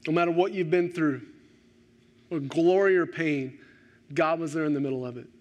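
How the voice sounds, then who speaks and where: Pastor guy preaching, kinda high voice, gets real quiet and slow for the big points. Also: lo-fi sound. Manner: swings from animated rises to hushed, slow emphasis. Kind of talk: sermon.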